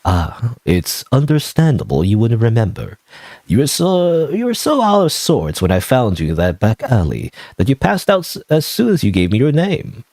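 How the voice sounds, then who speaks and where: A man voicing a gentle, kindly middle-aged priest who speaks softly. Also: mid-range voice, huge pitch swings, normal speed, dry recording. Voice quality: soft-spoken.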